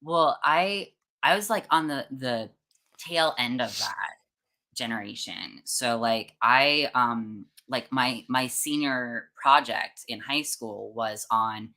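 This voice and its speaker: A woman's voice: rumbling low, takes it slowly, sharp tone. A young woman hosting a casual conversation, a chatty storyteller who laughs often and mimics other people's voices. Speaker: host.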